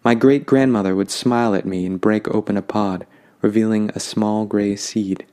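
A man narrating a fantasy story in a calm, lyrical way. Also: lowish voice, normal speed.

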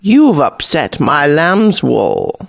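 A man voicing an old female hag queen who rules a tavern, speaking slowly with a piercing, menacing edge. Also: fairly high pitch, huge pitch swings, creaky, no echo, exaggerated voice. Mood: soft, cold.

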